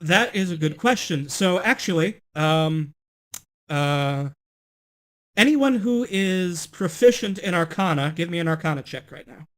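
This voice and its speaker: Young male game master, halting and unhurried, fairly high voice. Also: expressive, a bit bright. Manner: unhurried, halting with many fillers. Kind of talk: running a tabletop game over voice chat.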